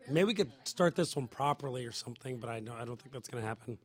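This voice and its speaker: A man's voice: mid-range voice, lively intonation, quick pace. Sick-sounding man hosting a podcast. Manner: rambling, self-deprecating, many filler ums. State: sick, rough voice. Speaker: podcast host. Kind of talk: casual group podcast chat. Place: around a table with friends.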